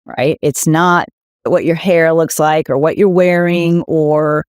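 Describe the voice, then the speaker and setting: A woman's voice: deep voice, fairly even intonation, takes it slowly, darkish tone, smooth, dry recording. Middle-aged woman exec talking career stuff, punchy rhetorical questions, dry close sound. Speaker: guest, tech executive. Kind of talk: candid interview conversation.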